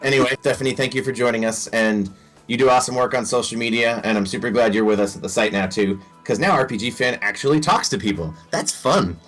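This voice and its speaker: A man's voice: medium pitch, fast talker, fairly bright tone, faint music behind. A man hosting a casual podcast chat, rambling and joking with playful self-deprecation. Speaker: podcast host.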